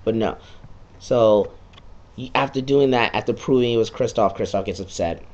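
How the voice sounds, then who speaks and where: A man's voice: medium pitch, moderate pace, darkish tone, dull audio. A man giving a casual, sarcastic recap of a video game, swearing freely and slipping into quoted lines. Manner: sarcastic, profane, jumps into quoted voices.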